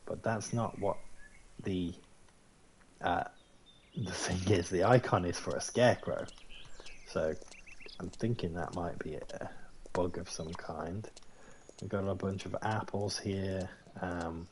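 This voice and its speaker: Very low-voiced man, around forty, jokey game commentary; faint background noise. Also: fairly even intonation, slow, long pauses. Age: 40s. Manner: chatty, joking, thinks aloud. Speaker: gaming YouTuber. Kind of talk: gameplay commentary.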